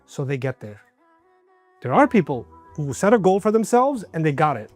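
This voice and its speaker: A man delivers a religious talk in a relaxed, conversational manner, and his voice sits fairly high for a man. He keeps asking the listeners questions and briefly acts out the people he describes. Soft music plays faintly beneath him. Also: moderate pace. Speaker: preacher. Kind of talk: religious lecture.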